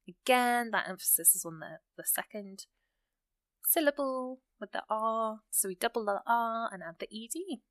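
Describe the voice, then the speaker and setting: A woman teaching an English grammar lesson, explaining rules step by step and reading out example sentences slowly. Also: a little high, a bit bright, dry recording.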